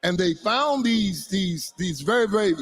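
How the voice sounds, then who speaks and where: High-voiced man speaking forcefully. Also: animated, unhurried. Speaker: panelist. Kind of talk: heated political panel talk.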